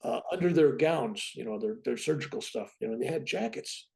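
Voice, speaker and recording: A man in his seventies, a podcast guest telling a personal story in an animated, wry conversational way. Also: medium pitch, brisk, vocal fry. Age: 70s.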